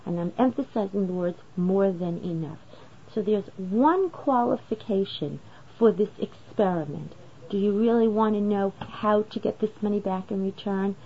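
A woman's voice: mid-range voice, normal speed, lo-fi sound, a little hiss or hum. A woman teaching a Torah lesson, explaining step by step and posing rhetorical questions to her listeners. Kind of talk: religious lesson.

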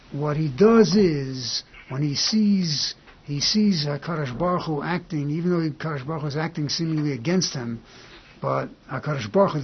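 A man giving an informal Torah class, talking in halting bursts and repeating phrases as he works through a point. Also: a little high, creaky, slight background noise. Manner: halting and repetitive, restarting phrases. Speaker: Torah teacher. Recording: dull lo-fi recording.

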